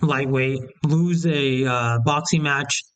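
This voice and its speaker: A man's voice: mid-range voice, steady tone, takes it slowly, a bit bright, clean tone, low-quality recording. A young man giving a heated, rambling opinion rant about fight events, often restarting his sentences. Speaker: MMA commentator. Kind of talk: casual opinion rant to camera.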